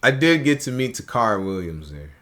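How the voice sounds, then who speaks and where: Animated man telling stories in a studio. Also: medium pitch, brisk. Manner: animated storyteller acting out quotes. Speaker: podcast guest, comedian. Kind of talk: casual storytelling chat. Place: podcast studio.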